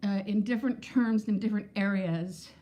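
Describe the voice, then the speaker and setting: A woman's voice: medium pitch, moderate pace, warm tone. A woman in her fifties chatting candidly on a casual livestream, rambling from thought to thought and greeting viewers by name. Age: 50s. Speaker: vlogger.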